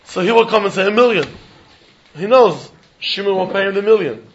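Man, Talmud class teacher, lilt, fairly high voice, dull lo-fi recording. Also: animated, fairly quick, a little hiss or hum. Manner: sing-song study-hall explaining, acting out both sides of a deal. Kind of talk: animated Talmud class lecture.

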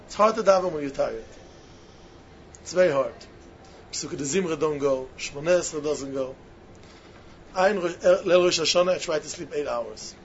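A man with giving a sermon-style talk to yeshiva students, emphatic and repetitive, swinging between loud stresses and hushed asides, on a muffled lo-fi recording. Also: a little high, normal speed, long pauses. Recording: muffled lo-fi recording with faint hiss.

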